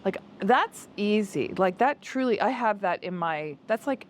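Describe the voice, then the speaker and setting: Brief: woman podcast co-host, casual home chat, stop-start phrasing, very animated voice. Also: mid-range voice, a little slow, a little hiss or hum. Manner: restarts often, laughs easily. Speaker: podcast co-host, life coach. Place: home basement podcast set.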